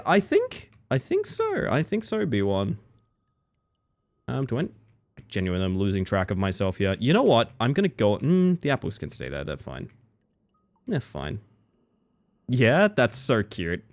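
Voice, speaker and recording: A male streamer talks his way through a game for his viewers in a playful, giggly manner. His mid-pitched voice swings widely up and down as he jokes and reacts. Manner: playful, giggly, jumps into squeaky silly voices. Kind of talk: live-streamed gameplay chat.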